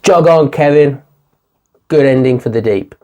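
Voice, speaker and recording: A young man talks through a TV finale in a chatty, excitable way and laughs often. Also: medium pitch, measured pace. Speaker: TV series reviewer. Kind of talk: casual video review.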